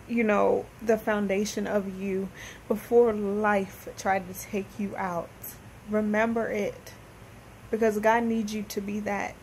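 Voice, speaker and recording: A woman's voice: medium pitch, darkish tone, slight background noise, rough recording. Female motivational vlogger, heartfelt and faith-driven, emotional near tears, repetitive preaching rhythm. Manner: earnest, heartfelt, faith-based encouragement; emotional, holding back tears. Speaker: motivational speaker and host. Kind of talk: motivational vlog address.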